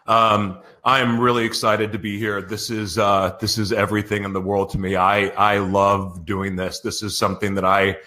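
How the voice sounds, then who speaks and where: Bright-voiced guy hosting live radio, super giddy and choked up, fumbling his intro lines. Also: fairly low pitch, level tone, normal speed, hardly any pauses. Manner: giddy, emotional, laughing and stumbling over intros. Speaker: radio show host. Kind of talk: emotional live radio show opening. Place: broadcast studio.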